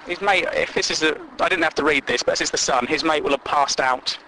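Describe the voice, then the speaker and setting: A man's voice: on the high side, a little fast, bright, forceful tone, slight background noise, poor audio. Sweary man ranting comically. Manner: sweary, exasperated, jumps between bits. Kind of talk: rambling comic monologue.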